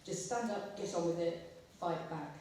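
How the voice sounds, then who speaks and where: Storyteller, mellow low-key timbre, far off in an echoey hall. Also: normal speed, a little hiss or hum. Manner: lively storyteller, acts out quotes. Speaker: guest speaker, former journalist. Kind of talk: anecdotal school talk. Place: school hall. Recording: echoey school hall from afar.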